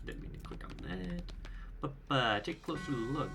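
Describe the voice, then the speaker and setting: A man playing a game and reading its text aloud, adding wry, deadpan asides, with game music underneath. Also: mid-range voice, normal speed. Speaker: game player.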